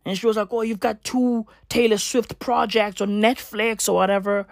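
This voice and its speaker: A woman's voice: on the high side, steady tone, moderate pace, creaky, no echo, clean studio sound. Profane rambling woman in a comedic rant. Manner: repeats filler tags.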